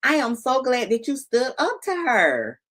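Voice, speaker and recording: A woman's voice: a little high, wildly swooping pitch, measured pace, a bit bright. A woman hosting an interview, effusive and affirming, cheering her guest on. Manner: effusive, affirming, says honey. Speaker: podcast host. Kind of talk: casual interview chat.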